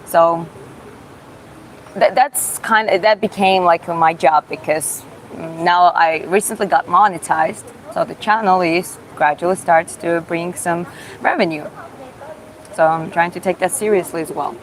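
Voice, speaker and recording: A woman with a Georgian accent and a slightly low voice runs a casual live Q&A. She reads viewers' questions aloud and answers in halting, self-taught English. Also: low-quality recording. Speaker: livestreamer answering chat questions.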